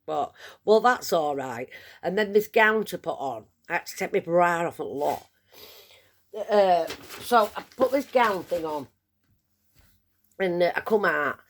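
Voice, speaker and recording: Gravelly woman telling a story. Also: on the low side, animated, measured pace, long pauses. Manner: chatty, rambling, self-mocking. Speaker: vlogger. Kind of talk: casual storytelling.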